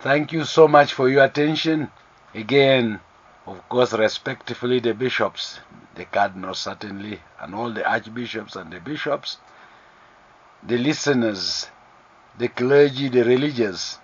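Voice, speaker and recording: A man from Uganda reading a formal church announcement to the press and listeners, slow and deliberate, stressing key words. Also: medium pitch, breathy edge. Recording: dull, lo-fi broadcast recording.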